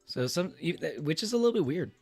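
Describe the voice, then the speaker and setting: Gravelly young man rambling on stream. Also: on the high side, very animated, fast talker, darkish tone, soft background music. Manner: rambling, many fillers and restarts, laughs often. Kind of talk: casual livestream chat.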